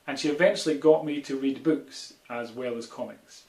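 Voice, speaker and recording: A man with a Scottish accent, a children's author telling an animated, casual story with many ums. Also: mid-range voice, moderate pace. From Scotland. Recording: echoey room.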